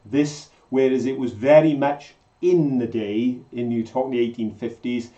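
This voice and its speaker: A man's voice: medium pitch, steady tone, measured pace, mellow. A man, co-hosting a live stream in a chatty, jokey, enthusiastic way. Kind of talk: casual live-stream chat. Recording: slightly dull lo-fi sound.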